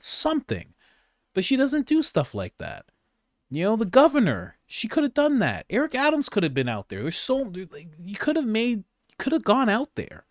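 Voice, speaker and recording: Animated man giving sarcastic commentary. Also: high voice, moderate pace, dry recording, studio quality. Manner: animated, sarcastic, rambling with restarts. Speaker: host, political commentator. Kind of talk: casual commentary on news clips.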